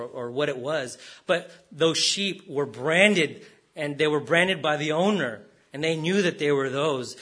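A man's voice: on the high side, sharp tone. A man preaching a sermon as pastor, stressing words and repeating rhetorical questions.

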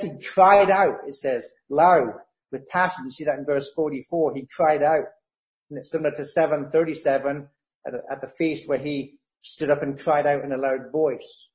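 A man preaching a sermon, reading scripture passages with rising emphasis and slowing down on verse references. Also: a little high, darkish tone, low-quality recording.

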